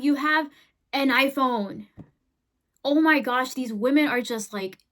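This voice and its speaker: A woman's voice: sits high, takes it slowly, pauses often, fairly bright tone. A woman hosting a political commentary video, talking bluntly and heatedly, often tagging her points with "right?" and "okay?". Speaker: host.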